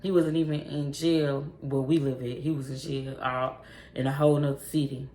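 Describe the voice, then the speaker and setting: A woman vlogger telling a casual story in a blunt, profane, animated way, recorded in an echoey room with faint noise. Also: a bass voice, moderate pace.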